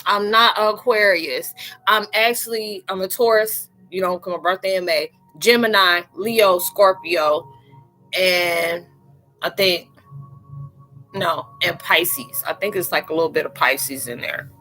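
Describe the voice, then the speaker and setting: A woman's voice: lowish voice, measured pace, bright, forceful tone, soft background music. A woman hosting a live chat, joking around playfully and talking straight to her viewers in slangy, casual speech.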